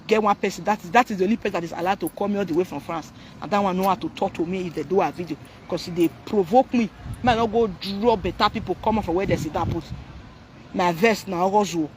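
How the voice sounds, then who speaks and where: A man's voice: sits high, fast talker, slight background noise. A man with a Nigerian accent talking to viewers on a live stream, ranting animatedly and mixing Pidgin, Yoruba and English.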